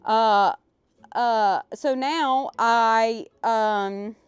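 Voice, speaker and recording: A woman hosting a casual live stream while opening cards, excitable and emotional, swearing freely. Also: a little high, drawn-out words, clear, resonant tone, no room sound, highs cut off. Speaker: livestream host.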